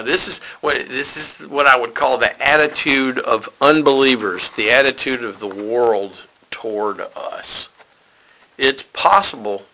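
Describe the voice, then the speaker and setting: A man teaching an informal Bible study in a conversational, unscripted way. His voice has a gravelly texture with a bright, forward tone. He gets animated when he drives a point home. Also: mid-range voice, a little hiss or hum, rough recording.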